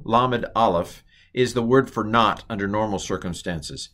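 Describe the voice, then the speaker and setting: A man's voice: fairly low pitch, a little slow, a bit bright. A middle-aged man teaching a recorded Hebrew lesson, rambling and correcting himself, quizzing the listener with questions.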